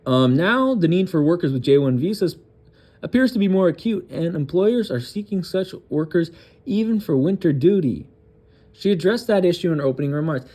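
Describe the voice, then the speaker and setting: Reading a news article on his political commentary channel, a man keeps interrupting himself with crude, sarcastic remarks and halting restarts. His voice sits on the high side, expressive yet dark in tone.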